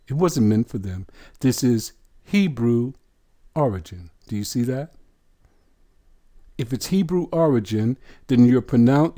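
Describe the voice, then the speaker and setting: A man teaching scripture line by line, deliberate and insistent, sounding out words syllable by syllable and asking rhetorical questions. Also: mid-range voice, dark tone. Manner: earnest and insistent. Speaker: bible teacher.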